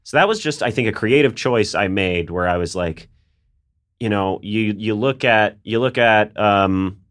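A man's voice: lowish voice, fairly bright tone, no echo, studio quality. A man, a comedian guest chatting casually on a podcast, rambling and restarting his sentences. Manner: rambling, self-interrupting, drops into quick voices.

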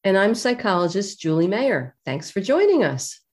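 A woman's voice: mid-range voice, sing-song, normal speed, darkish tone. A woman psychologist co-hosting a podcast, inviting listeners in a scripted intro.

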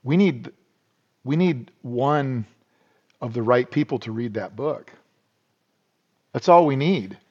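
A middle-aged American man talking as a podcast guest, his voice sitting at an ordinary mid pitch. He rambles folksily, restarting sentences and leaning on "you know." The recording is dull and lo-fi. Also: lively intonation, takes it slowly, pauses often, darkish tone, breathy edge. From United States. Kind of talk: casual storytelling interview.

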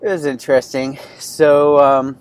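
Medium-pitched, level and smooth, this thirtysomething podcast host speaks at a measured pace. Alone at the mic, he recounts a personal story casually and candidly, often restarting and using many fillers.

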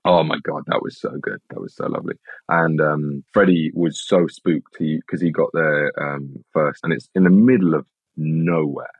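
A young man with a British accent and an extremely deep, husky voice, talking casually as an interview guest. He tells stories in a rambling, animated way, often restarting his sentences. The sound is dry and a bit dull. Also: moderate pace, no room sound. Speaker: actor guest.

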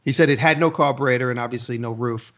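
A man talks at a quick clip, piling one story onto the next with loose profanity. He is a guest in a casual podcast chat. The recording sounds dull and lo-fi. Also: mid-range voice. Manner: animated storyteller, swears freely.

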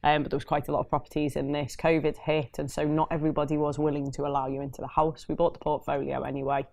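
Fast-talking low-voiced woman. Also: little pitch movement, a little mellow. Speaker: property investor guest. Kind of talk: casual panel chat.

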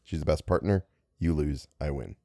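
A man's voice: a bass voice, normal speed, gravelly, warm tone, no echo, studio quality. Self-mocking man reading ghost stories. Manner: self-mocking, breaks off to joke and grumble. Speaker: storyteller. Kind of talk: reading ghost stories aloud, with joking asides.

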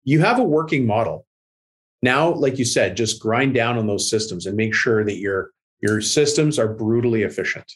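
A man's voice: lowish voice, animated, moderate pace. A man hosting a business podcast, chatting casually, giving short affirmations and summing up what his guest says. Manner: brief affirming replies, summarizes the guest. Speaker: business coach and podcast host. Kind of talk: casual interview talk.

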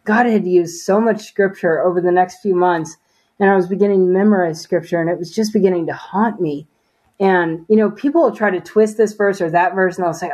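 A woman's voice: on the low side, brisk, a little mellow. A woman sharing a personal faith testimony as an interview guest, talking earnestly and casually with many fillers.

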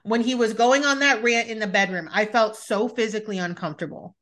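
Brief: woman podcast host, candid and profane, with a high, bright voice. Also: a little fast. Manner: candid, profane, with many restarts. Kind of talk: casual chat.

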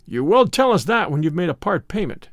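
Man doing a cruel old judge from a storybook, cold and commanding, lots of pitch movement, dry sound. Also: big pitch swings, fairly quick, fairly bright tone, no echo, exaggerated voice. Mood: stern menacing. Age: older. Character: old stern tribunal president, cruel and commanding. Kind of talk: audiobook character reading.

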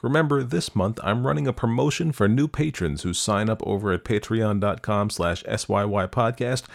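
A man hosting a podcast, reading stories aloud in calm, measured scripted narration. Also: mid-range voice, creaky. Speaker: podcast host and story narrator.

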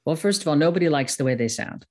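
A woman's voice: low voice, animated, fast talker, darkish tone. A woman from the US Midwest with a Midwestern accent, a guest expert in casual, self-deprecating interview chat who laughs often. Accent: Midwestern American. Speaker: guest, course-creation expert.

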